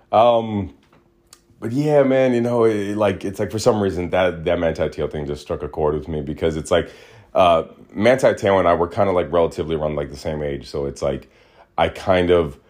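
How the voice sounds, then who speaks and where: A man hosting a podcast in a small studio, talking in an animated, ranting way that drops to low mutters. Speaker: podcast host. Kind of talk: casual ranting monologue.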